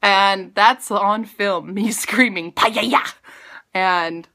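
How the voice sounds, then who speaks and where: A woman vlogger in her late twenties or thirties, telling a story in a casual, animated, self-mocking way, her pitch jumping up for emphasis. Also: slow pace.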